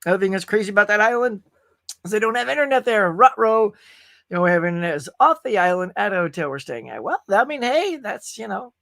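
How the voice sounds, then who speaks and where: A man's voice: high-pitched, sing-song, quick pace, vocal fry, a bit bright. A middle-aged man hosting a casual live stream, chatty and upbeat as he reads out viewers' comments. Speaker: host.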